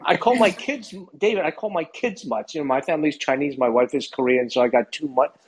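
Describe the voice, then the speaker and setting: A man's voice: on the high side, a little fast, a little hiss or hum, low-quality recording. Middle-aged man, chatty host. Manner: leans on "you know", conversational. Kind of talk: casual conversation.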